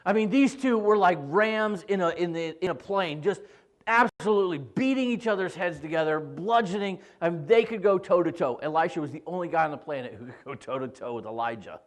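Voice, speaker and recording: A high-voiced male pastor preaching a sermon. He retells scripture in an animated, joking way, like a storyteller. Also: a little fast.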